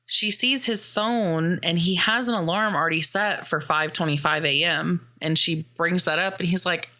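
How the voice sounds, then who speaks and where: A woman's voice: on the low side, unhurried. A woman podcast host from the US Midwest recapping a movie in a casual, chatty way, acting out the characters' lines. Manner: animated, chatty, acts out quoted lines.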